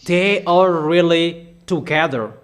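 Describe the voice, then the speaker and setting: A man's voice: a little high, takes it slowly. A man preaching a sermon in plain, broken English, repeating short emphatic declarations.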